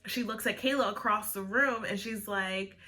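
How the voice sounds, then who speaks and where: A young woman vlogger telling a casual storytime, animated and full of "like" fillers. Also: mid-range voice, normal speed. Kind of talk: storytime vlog, casual chat.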